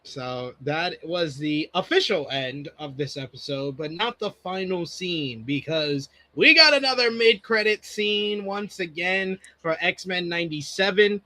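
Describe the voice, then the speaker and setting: A man's voice: sits high, unhurried, few pauses, pushed and bright. A man hosting a show review, joking and steering the talk between recaps. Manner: joking, leads discussion and recaps. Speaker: podcast host. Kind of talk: casual review chat.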